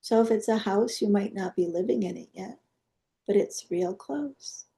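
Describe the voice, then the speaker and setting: A woman teaching energy healing. She leads a guided meditation in a soft, coaxing way, with prayer-like invocations. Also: medium pitch, normal speed, vocal fry.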